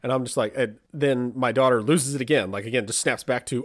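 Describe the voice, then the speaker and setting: A man telling a family story in casual chat, animated and acting out what people said, with a lot of restarts. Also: medium pitch, quick pace, hardly any pauses, no echo, studio quality. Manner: animated, acts out quoted voices, frequent restarts.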